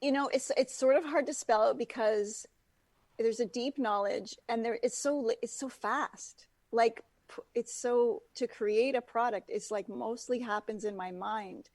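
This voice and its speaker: A woman with a fairly high voice talks easily as a guest, stringing thoughts together with lots of filler words. Her tone is breezy and open, and the recording is close and dry. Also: fairly even intonation, measured pace, a little mellow, dry recording. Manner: chatty, heavy on fillers like "like" and "you know". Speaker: guest, natural products founder. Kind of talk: casual interview chat.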